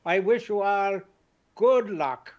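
A man's voice: high-pitched, takes it slowly, pitched above the performer's own voice. A man putting on a jolly stage-Irish brogue. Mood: cheery. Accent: put-on Irish. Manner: cheery, hamming it up. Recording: dull lo-fi sound.

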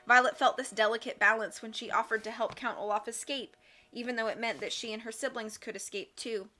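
Woman reading a storybook aloud, steady and wry, bright voice, faint music behind. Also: on the high side, brisk. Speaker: audiobook reader. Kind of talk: storybook narration.

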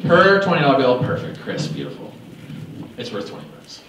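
A man giving a playful, animated motivational talk to high school students at an assembly. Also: normal speed, slight background noise. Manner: playful, animated, talks straight to the audience. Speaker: motivational speaker. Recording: echoey hall, voice from far off.

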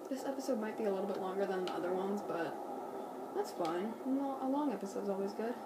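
A woman's voice: mid-range voice, quick pace. A woman chatting goofily to herself while commentating on a game she is playing. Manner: chatty, goofy, talks to herself. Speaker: gameplay commentator. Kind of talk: casual let's play commentary. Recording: noisy home recording.

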